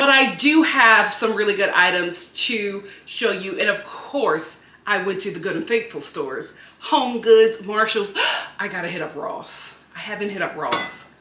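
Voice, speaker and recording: A woman from Philadelphia chatting to the camera in her home kitchen, excitable and chatty, laughing often. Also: medium pitch. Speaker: home lifestyle vlogger. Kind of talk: casual chat to camera. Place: home kitchen under studio lights. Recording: echoey room.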